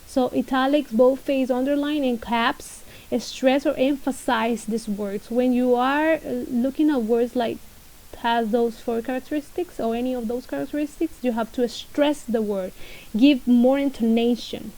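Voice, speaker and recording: A woman's voice: fairly high pitch, steady tone, moderate pace, warm tone, low-quality recording. A woman teaching reading in English as a non-native speaker whose first language is Spanish, explaining patiently and repeating key points with stress. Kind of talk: recorded lesson explanation.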